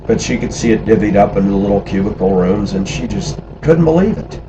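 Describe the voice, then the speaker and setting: A man's voice: lowish voice, brisk, noisy background. A middle-aged man casually telling stories from his life abroad, acting out the voices of people he quotes. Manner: animated, acts out quoted voices. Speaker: storyteller recalling life abroad. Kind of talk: casual spoken storytelling.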